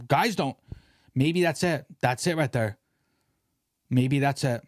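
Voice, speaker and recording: A young man hosting a casual podcast, ranting in an animated way and swearing freely. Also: mid-range voice, takes it slowly, dry recording, clean studio sound. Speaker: podcast host.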